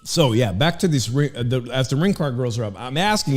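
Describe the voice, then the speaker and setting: A man of middle pitch hosts a casual live stream from home, sliding between blow-by-blow fight calls and rambling chat. He talks while chewing food, and his voice carries a long hall-like reverb with faint music underneath. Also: lively intonation, fairly quick, few pauses. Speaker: livestream host and fight commentator. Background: background music.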